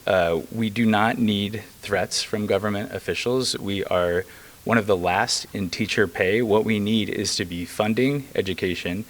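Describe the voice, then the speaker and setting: Casting: young man, lowish voice, earnest legislator at a press conference, emphatic. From rural Missouri. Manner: earnest and emphatic, with occasional fillers. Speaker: state legislator.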